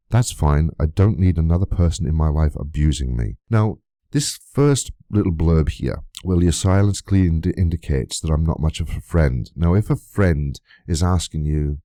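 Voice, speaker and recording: A man's voice: very deep voice, animated, moderate pace, warm tone, no echo, clean studio sound. A man giving a vlog rebuttal, reading out old messages and asking again and again where the abuse is, indignant and swearing freely. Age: adult, long friendship of nearly twenty years. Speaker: YouTuber.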